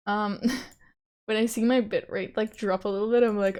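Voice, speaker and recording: A woman's voice: medium pitch, fairly even intonation, normal speed, a little mellow. A young woman streamer reading a visual novel aloud, breaking off into chatty, swearing asides and frequent laughs.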